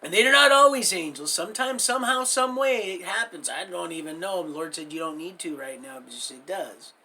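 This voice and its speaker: Gravelly, bright-voiced middle-aged man preaching. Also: high-pitched, animated, fairly quick. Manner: folksy, preachy, addresses viewers as beloved. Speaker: livestream host. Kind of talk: rambling life story and preaching.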